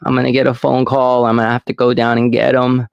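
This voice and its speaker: A man hosting a casual podcast who tells stories slowly and rambles, swearing freely, recorded close and dry. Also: medium pitch, monotone, vocal fry, clear, resonant tone, dry recording, lo-fi sound. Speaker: podcast host.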